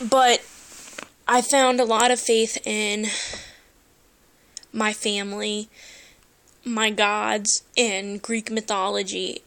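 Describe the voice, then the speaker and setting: A woman's voice: a little high, fairly bright tone. A woman telling a personal story into her phone, earnest and emotional, hesitating with many fillers. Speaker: vlogger.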